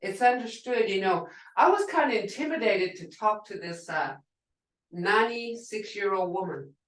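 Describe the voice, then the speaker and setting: A woman teaching a language class over a video call, halting and explaining with examples. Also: medium pitch, animated, far from the mic. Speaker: language instructor. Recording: echoey room, away from mic.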